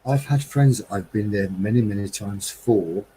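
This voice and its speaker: A man's voice: lowish voice, moderate pace, mellow, slight background noise, rough recording. A middle-aged man from England hosting a live stream, musing in a heartfelt, rambling, wistful way. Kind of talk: reflective casual monologue.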